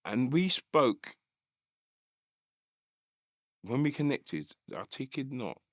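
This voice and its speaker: A man with a London accent, a guest on a podcast, speaking emotionally and haltingly, often restarting his sentences. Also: medium pitch, big pitch swings, no echo, clean studio sound. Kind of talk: casual chat.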